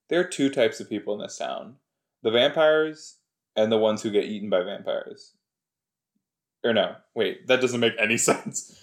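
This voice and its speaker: A man hosting a podcast, reacting to a TV episode in casual watch-along chat, switching between loud outbursts and quiet muttering. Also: medium pitch. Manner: chatty, exclaims loudly then mumbles; talks to himself, quick jumps between soft and loud.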